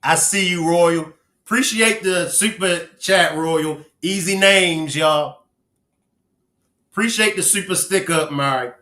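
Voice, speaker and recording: Speaking slowly in a high, pushed, bright voice, this Baltimore-accented livestream host kids around with his viewers and calls out their names. The room gives the audio a noticeable echo.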